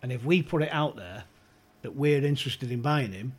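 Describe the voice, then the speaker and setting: A man's voice: medium pitch, moderate pace, husky. A man telling a funny football anecdote on a podcast, acting out the quotes and laughing often. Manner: animated storyteller, laughs often, acts out quotes. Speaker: podcast guest.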